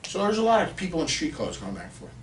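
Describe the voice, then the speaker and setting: A man's voice: a little high, very fast, slight background noise. Man telling stories, distant roomy sound. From Pennsylvania. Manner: animated anecdote-telling with casual swearing. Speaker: podcast guest. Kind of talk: casual storytelling.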